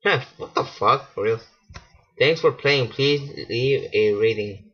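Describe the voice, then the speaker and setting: Male gamer host, excitable and foul-mouthed, husky, dull lo-fi mic with mouse clicks. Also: medium pitch, takes it slowly. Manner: excitable, swearing, laughing at himself. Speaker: gaming channel host. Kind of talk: casual let's-play commentary.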